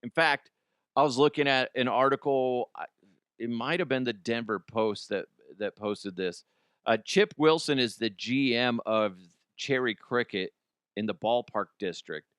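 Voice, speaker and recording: A man's voice: measured pace, a bit bright, clean tone, no room sound, studio quality. A middle-aged man hosting a comedy podcast, reading ads and riffing self-mockingly. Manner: self-mocking, jumps into high squeals for jokes. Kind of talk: casual comedic monologue with ad reads.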